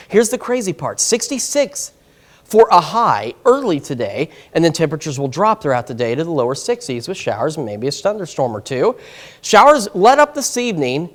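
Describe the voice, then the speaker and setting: Breathless, lively male weather anchor. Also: on the high side. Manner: flustered, chatty, self-interrupting. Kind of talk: live morning TV weather forecast. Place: TV news studio.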